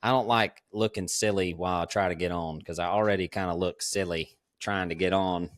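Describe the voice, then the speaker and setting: A man, hosting a podcast and telling ranch stories in a relaxed, drawling way, laughing often. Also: low-pitched, fairly quick. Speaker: podcast host. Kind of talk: casual storytelling chat.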